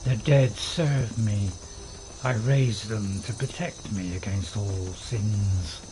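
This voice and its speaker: A man doing a grave, slow necromancer. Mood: solemn. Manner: slow, low, grave delivery. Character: solemn male necromancer proclaiming power over the dead. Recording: steady insect and cricket noise behind.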